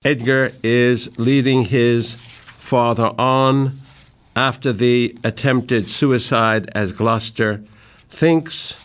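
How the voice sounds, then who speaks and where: An older man with a mid-range voice and steady tone lectures on literature. His delivery is slow and deliberate, and he puts emphasis into the verse he recites.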